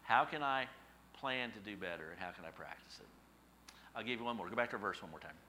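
A middle-aged male pastor delivers a sermon in a bright, forward voice. He leans on homespun stories and asks his listeners questions as he goes, with a faint hiss of noise behind him. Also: on the low side, lively intonation, brisk. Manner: folksy storytelling with rhetorical questions.

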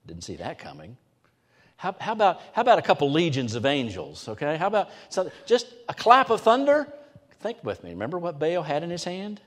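Animated preacher man in an echoing hall. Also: a little high, fairly quick. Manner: animated preaching, swinging from loud to hushed. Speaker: pastor. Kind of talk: sermon. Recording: long hall reverb.

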